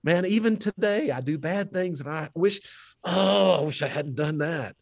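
A man who teaches history, telling faith stories in an interview with lively, animated delivery. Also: normal speed, creaky. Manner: animated storyteller, rising pitch when quoting others. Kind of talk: storytelling in a faith podcast interview.

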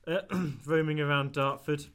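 A man's voice: fairly high pitch, steady tone, unhurried, a bit bright. Dry, self-mocking man. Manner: dry, self-mocking, laughing at his own story. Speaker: podcast co-host. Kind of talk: casual chat, storytelling.

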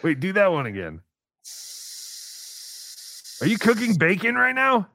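Lively joking podcast host, dry mic. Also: male voice, a little slow, gravelly, no echo. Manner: jokey, swings into high silly impression voices. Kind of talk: casual podcast chat.

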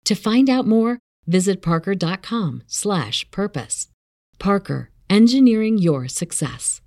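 Measured female ad voice-over. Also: mid-range voice, lively intonation, darkish tone, no echo, clean studio sound. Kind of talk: scripted ad read.

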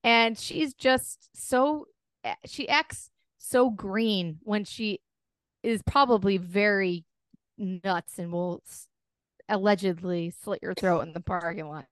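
A woman co-hosting a podcast, talking in a blunt, casual way and swearing freely. Her voice sits at a middling pitch. The sound is close and dry. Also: slow pace, fairly bright tone, smooth, no room sound. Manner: blunt and profane. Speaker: podcast co-host. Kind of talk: casual chat.

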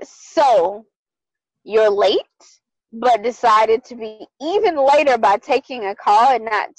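A young adult woman co-hosting a podcast, telling a dating story in casual chat, animated and profane, acting out both sides. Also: on the high side, no room sound, poor audio. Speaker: podcast co-host.

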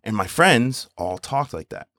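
Animated man in dry casual chat. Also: lowish voice, dry recording. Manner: animated, swears freely, talks fast when worked up.

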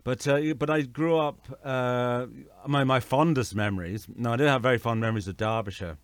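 A man's voice: mid-range voice, normal speed, clear, resonant tone, dry recording. A middle-aged man from England, a guest in casual conversation, rambling and correcting himself as he tells stories. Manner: rambling, self-correcting storyteller.

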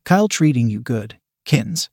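A man voicing a guarded, stern middle-aged mother in a spoken story, with flat, clipped questions. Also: medium pitch, unhurried, vocal fry, breathy edge, no echo, studio quality, heavily acted.

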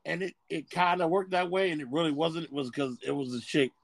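A man's voice: a little high, fairly quick, gravelly, no echo. A man co-hosting a podcast, talking bluntly in a casual, profane way. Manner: blunt, profane, animated storytelling. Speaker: podcast co-host.

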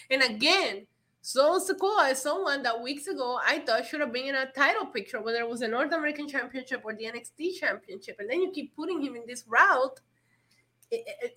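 A woman co-hosting a podcast, chatting in a lively, sarcastic way. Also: sits high. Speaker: podcast co-host. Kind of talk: casual wrestling chat.

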